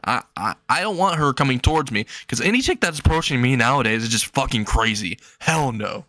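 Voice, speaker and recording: A man's voice: mid-range voice, animated, a little fast, pushed and bright, no room sound. A man doing a panicky teenage boy. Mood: panicked. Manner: exasperated, crude, sarcastic. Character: panicky teenage boy fleeing a stalker girl.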